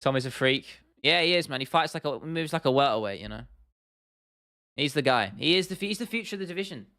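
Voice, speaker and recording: With lively intonation, a quick pace, and a sharp, fairly high-pitched tone, a young southern English man runs a casual MMA livestream. He chats and laughs often while replying to comments, repeats himself, and calls the chat "bro" and "lad."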